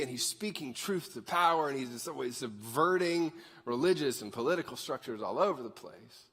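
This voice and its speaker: Male pastor, bright high voice with wide swings, conversational and joking, preaching in a reverberant hall. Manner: animated, conversational, jokey. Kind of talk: sermon. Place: church sanctuary.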